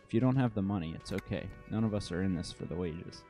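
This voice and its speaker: Guy reading a calm dry cop lieutenant, deep voice. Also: quick pace, soft background music, close to an everyday voice. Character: calm, dry adult male police lieutenant.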